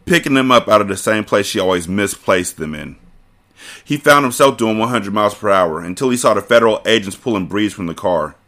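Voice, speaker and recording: Guy reading a novel on his podcast, low voice, lively, forceful, cracks jokes in between. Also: brisk. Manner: breaks off to joke and comment. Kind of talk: casual audiobook reading with commentary.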